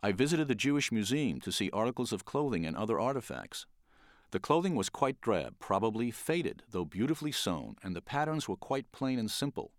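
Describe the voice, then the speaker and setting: An older man from the Bronx, a children's book illustrator, giving an animated, wry storytelling talk. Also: medium pitch, a little fast, dry recording, studio quality. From the Bronx, New York.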